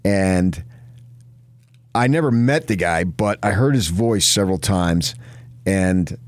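A middle-aged man with a very low, deep voice, recorded dry and close. He is from New Jersey and rambles through anecdotes in a relaxed chat. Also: slow, dry recording. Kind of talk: casual chat.

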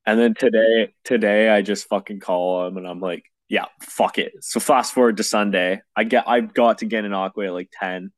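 A man's voice: fairly low pitch, fairly even intonation, fairly quick, few pauses, dry recording. A young man telling a story in casual chat, exasperated and swearing often, with rambling restarts.

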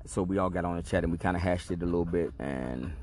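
Deep-voiced man telling a street story. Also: fast talker, a little mellow, a little hiss or hum. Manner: laid-back, streetwise, profane storytelling. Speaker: podcast host. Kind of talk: casual storytelling monologue.

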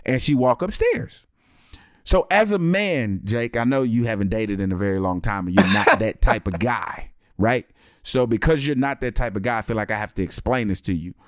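A man's voice: medium pitch, moderate pace, no echo, studio quality. A man in his thirties telling a comic story in casual chat and acting out the other people in it. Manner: animated, acts out other people's lines.

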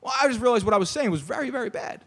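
Fast, high-voiced joking male host. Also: animated, husky. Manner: joking, boisterous, teasing. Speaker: radio show host. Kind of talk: casual chat. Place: studio.

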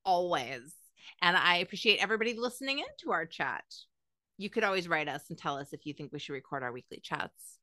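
A woman's voice: lowish voice, lively intonation, fairly quick, bright, forceful tone, no room sound, clean studio sound. A woman hosting a podcast, chatting casually in a rambling way and laughing often. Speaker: podcast host. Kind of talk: casual chat.

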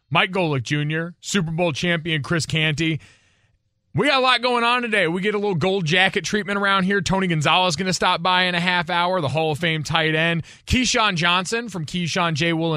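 A young man co-hosting a sports radio show, chatting in a quick, wry way. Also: sits high, bright, forceful tone, clean tone, no room sound, studio quality. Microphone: studio microphone.

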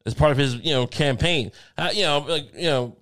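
A man's voice: fairly high pitch, brisk, fairly bright tone. A man co-hosting a podcast, chatting casually with rambling, profane jokes. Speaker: podcast co-host. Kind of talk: casual chat.

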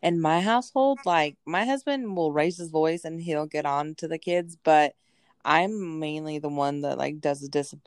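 With a low-sitting voice at a moderate pace, this podcast co-host chats casually and agreeably, often chiming in with "yeah" to back up her partner. The audio is clean studio sound with no room tone.

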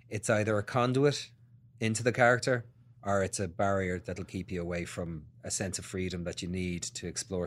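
A man with an Irish accent, a guest actor thinking aloud in a casual podcast interview. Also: lowish voice. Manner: reflective, searching for words.

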